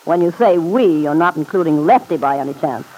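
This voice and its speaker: An actress playing a wry, self-mocking middle-aged nightclub owner in a 1940s-style radio drama. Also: female voice, deep voice, lively intonation, fairly quick, dark tone, rough recording. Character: wry, weary woman nightclub owner, city-sharp.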